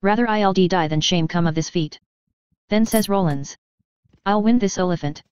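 A woman reading an epic poem aloud in a measured, steady recitation. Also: medium pitch, clear, resonant tone, no room sound, muffled recording. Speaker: reader.

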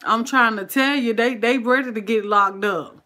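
A woman's voice: a little high, moderate pace, sharp tone. A woman with a Southern American accent hosting a cooking livestream, chatting casually and calling her viewers "honey" and "child". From Southern United States. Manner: folksy, sprinkles "honey" and "child", greets viewers by name.

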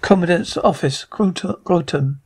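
High husky man reading a script. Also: a little mellow. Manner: halting, stumbling reading. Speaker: reader.

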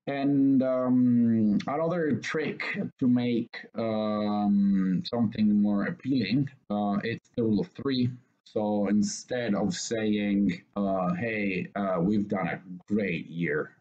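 Low-voiced man teaching online, dull audio. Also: a little mellow. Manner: casual, explanatory, many fillers and restarts. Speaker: public speaking trainer. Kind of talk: online training lecture. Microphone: video call.

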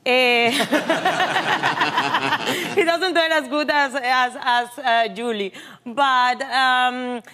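A woman's voice: sits high, drawn-out words, slight background noise. A woman in her forties from Colombia with a Colombian Spanish accent, a talk show guest telling stories with frequent laughs. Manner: lively, laughing storyteller. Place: television studio with audience.

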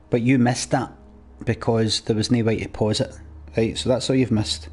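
A young streamer curses his way through a game, casually ranting at his viewers in mock frustration. He speaks at medium pitch with little pitch movement, a moderate pace, and a darkish, husky tone.

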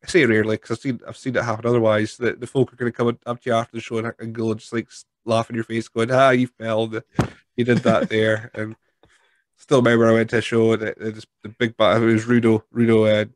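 A man's voice: medium pitch, completely flat delivery, quick pace, no room sound. A man with a Scottish accent hosting a wrestling podcast, chatting casually, telling stories and laughing often. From Scotland. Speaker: podcast host. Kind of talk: casual interview chat.

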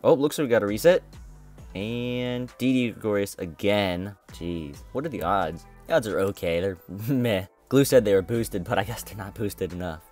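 A man's voice: lowish voice, moderate pace, darkish tone, faint music behind. A young man hosting his own gaming channel, commentating a mobile game box opening in a frustrated, complaining way and repeating himself.

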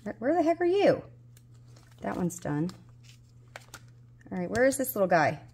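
Very animated at a normal speed, her medium-pitched voice comes across a little mellow and husky. The woman is a budgeting vlogger in her forties with a Southern US accent. In casual solo chat, she talks to herself as she plays a budgeting game and hunts for pieces, mildly exasperated.

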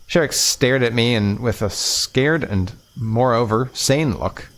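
A man reading a visual novel aloud in first person. He keeps a measured pace and now and then stumbles over a word and restarts. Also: medium pitch. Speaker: let's play narrator.

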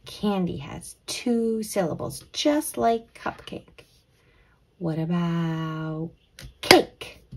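A young woman teaching a children's letter lesson, gentle and drawn-out, sometimes dropping into a whisper. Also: fairly low pitch, very noisy. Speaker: kids' teacher.

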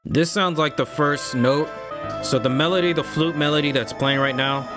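A man casually commenting as he plays a game, talking to himself and reacting loudly. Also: on the high side, moderate pace. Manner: talks to himself, hums melodies, jumpy reactions. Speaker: streamer playing a game. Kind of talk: casual let's-play commentary. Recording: game music playing behind.

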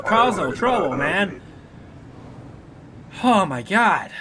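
Goofy high-voiced man playing a game. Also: big pitch swings, slow pace, long pauses, bright, forceful tone, slight background noise. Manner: goofy, talks back to game characters, hums and sings to himself. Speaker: let's player. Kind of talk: casual gameplay commentary.

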